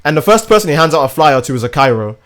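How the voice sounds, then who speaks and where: A man's voice: a little high, sing-song, rapid-fire, fairly bright tone. A young man streaming a game, chatting casually in a rambling, crude, joking way. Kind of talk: casual livestream chat while gaming.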